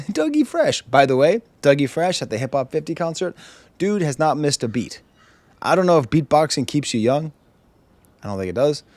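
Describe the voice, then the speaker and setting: A man's voice: mid-range voice, dry recording. A man reviewing an album in a casual way at home, wry and chuckling, reading lyrics aloud. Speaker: music reviewer. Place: home with his dog.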